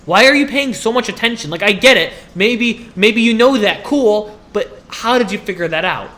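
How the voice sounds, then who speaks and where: A man's voice: high voice, moderate pace. A young man, a student, ranting comedically to camera and acting out the people he complains about. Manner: animated complaining, acts out dialogue. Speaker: student vlogger.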